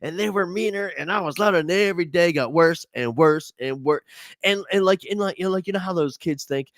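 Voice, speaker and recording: A man giving a storytelling keynote to teachers, animated and self-mocking, laughing often and jumping high in pitch when he quotes people. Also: fairly quick, dry recording, studio quality. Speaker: conference speaker for teachers. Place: online conference session.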